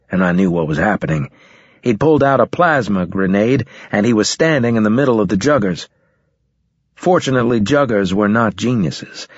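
A man reading a science fiction novel aloud in first person, in a measured, matter-of-fact way. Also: fairly low pitch, husky, no room sound. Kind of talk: audiobook narration, first person. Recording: slightly dull lo-fi recording.

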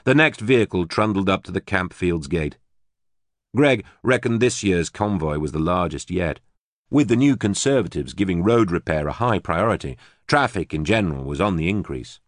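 This is a man who sits low in pitch, narrating an audiobook from a script. His delivery is measured and even, suited to storytelling, and the recording is dry and studio-clean.

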